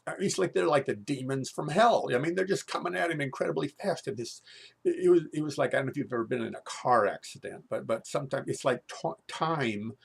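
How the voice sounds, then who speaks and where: Brief: male storyteller, husky gravelly voice, animated and rambling. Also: medium pitch, brisk. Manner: rambling, animated, with many restarts and fillers. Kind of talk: live comic storytelling monologue.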